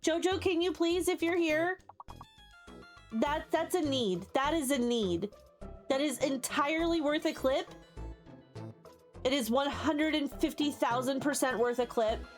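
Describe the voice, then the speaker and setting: A woman with a high, unhurried voice and a New Jersey accent streams a game, pausing often as faint music plays behind her. She chats casually with her viewers, swearing, talking a lot, and restarting her sentences often.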